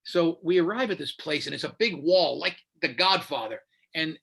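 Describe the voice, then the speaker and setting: Animated storytelling radio host. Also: male voice, a little high, normal speed, vocal fry, slightly rough. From United States. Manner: animated, acts out quoted voices. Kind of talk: casual storytelling. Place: Florida.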